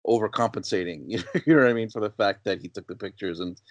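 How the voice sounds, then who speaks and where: A man's voice: on the low side, fast talker, no room sound. A man co-hosting a podcast in casual film discussion, recounting scenes in a conversational, analytical way. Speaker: podcast co-host.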